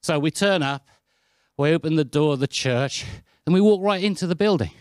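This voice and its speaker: A British man with a slightly high voice preaches at a normal speed, telling chatty, lively anecdotes full of self-deprecating asides. The studio sound is clean and dry.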